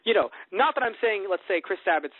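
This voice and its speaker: A man hosting a casual podcast chat, rambling and animated with lots of fillers. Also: sits high, quick pace, no echo. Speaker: podcast host. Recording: tinny phone-like dry sound.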